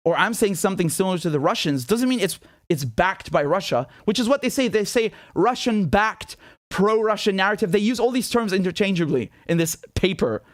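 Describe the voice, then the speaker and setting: Incredulous high-voiced British male commentator. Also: expressive, a little fast, no echo, clean studio sound. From Britain. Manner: incredulous, indignant, repeats words and restarts often. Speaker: political commentator. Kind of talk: solo commentary.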